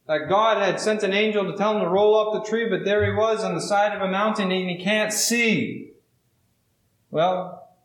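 A man preaching a sermon, reading scripture and then telling a story in a measured, drawn-out way with dramatic pauses. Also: fairly high pitch, reverberant, poor audio. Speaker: pastor.

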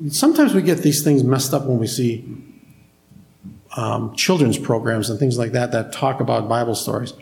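A pastor preaching a conversational sermon to a congregation and asking them questions. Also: male voice, mid-range voice, vocal fry, a little mellow, reverberant.

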